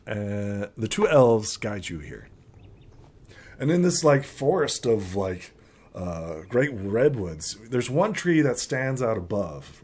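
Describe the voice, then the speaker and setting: A man's voice: fairly low pitch, darkish tone, slightly rough. A man narrating as game master, rambling with many fillers.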